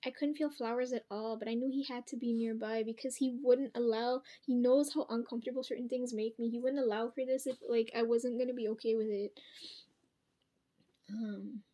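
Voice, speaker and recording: Young woman, higher voice, a bit hoarse. Casual vlog storytime, rambling, swears a lot, frequent ums. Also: fairly even intonation, brisk, dark tone. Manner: rambling and profane, many ums and restarts. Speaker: vlogger. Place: at home.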